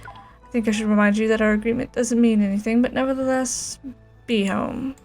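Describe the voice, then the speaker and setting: A woman's voice: on the high side, fairly even intonation, brisk, a little mellow, soft background music, close to an everyday voice. A woman voicing a haughty, scheming middle-aged male noble who talks down to his ward, reading game dialogue aloud. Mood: smug. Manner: smug, condescending.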